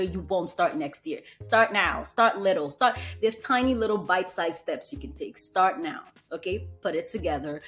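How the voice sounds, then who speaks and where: Solo podcast host, young woman, lowish voice, punchy and direct, faint music under her. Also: animated, normal speed, few pauses, fairly bright tone. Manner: emphatic, blunt motivational pep talk. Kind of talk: casual solo podcast talk.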